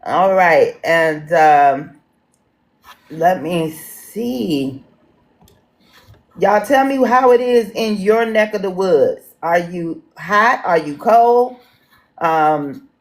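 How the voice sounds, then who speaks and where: Chatty D.C.-accented woman, low and unhurried. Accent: Washington D.C. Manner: chatty, folksy, addresses viewers as y'all. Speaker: livestream town hall moderator. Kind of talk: casual livestream chat. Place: home in Washington D.C.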